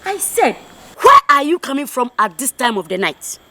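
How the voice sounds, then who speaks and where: A woman's voice: high-pitched, sing-song, normal speed, bright, forceful tone, a little hiss or hum, exaggerated voice. An actress playing a stern, bossy woman with a Ghanaian accent who scolds and commands in a Ghanaian film drama. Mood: scolding. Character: stern, bossy young woman, quick to shout.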